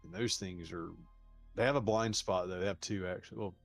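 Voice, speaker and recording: A man with a somewhat low voice chats while streaming a video game, telling animated stories and breaking into laughter. The sound is close and dry, with faint music underneath. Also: brisk, no echo. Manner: animated storyteller, laughs often, hums movie themes. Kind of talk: casual gaming chat.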